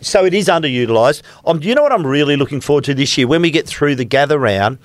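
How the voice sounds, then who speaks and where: A man's voice: fairly high pitch, animated, fast talker, dry recording. A middle-aged Australian man co-hosting a sports podcast, telling stories with emphatic repetition and casual banter. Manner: storytelling, emphatic, repeats himself. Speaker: podcast co-host.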